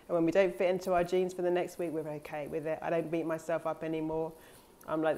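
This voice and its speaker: A woman's voice: on the low side, fairly even intonation, brisk. A woman life coach talking casually and earnestly to her audience, candid and now and then swearing, acting out her own past thoughts in quoted asides. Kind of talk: casual motivational monologue.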